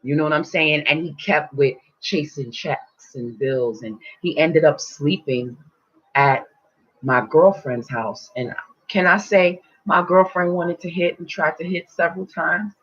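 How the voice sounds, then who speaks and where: A woman spiritual teacher telling a personal story in casual, animated talk, swearing freely and acting out quotes. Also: low-pitched, measured pace, slightly rough. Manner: animated, swearing, acts out quotes in loud voices. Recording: dull lo-fi recording.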